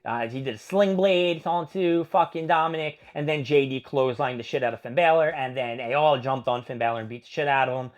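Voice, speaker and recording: A man's voice: medium pitch, brisk, few pauses, highs cut off. A man hosting a casual wrestling review vlog, recapping matches in a rambling, profane play-by-play and acting out what the wrestlers said.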